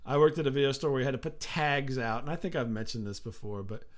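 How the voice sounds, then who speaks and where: A man's voice: mid-range voice, fast talker. A middle-aged man co-hosting a talk show, telling long rambling anecdotes with restarts and laughs. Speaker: podcast co-host. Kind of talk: casual storytelling chat.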